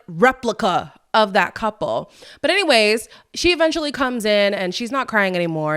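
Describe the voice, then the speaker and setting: A young adult woman hosts a casual recap podcast, talking in a chatty, animated way. She has a medium pitch and quotes people in playful voices.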